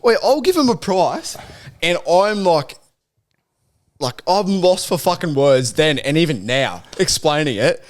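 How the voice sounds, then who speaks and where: Lively young Australian man, exasperated. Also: a little high, unhurried. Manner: exasperated, laughing, profane. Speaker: podcast co-host. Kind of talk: crude casual banter.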